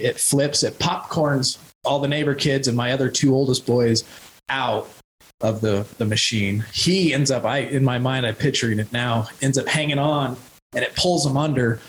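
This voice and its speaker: A man in his thirties, a podcast guest, telling a raw, rambling personal story about recovery and his son's accident, breaking into shouted quotes now and then. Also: medium pitch, a little hiss or hum, poor audio.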